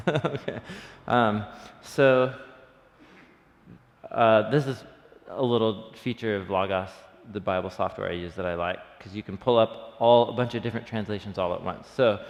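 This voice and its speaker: A man's voice: lowish voice, fairly even intonation, moderate pace, gravelly. A man leading an early-morning Bible study, teaching in an enthusiastic, conversational way and thinking aloud with plenty of fillers. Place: church room. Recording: long reverb of a hall.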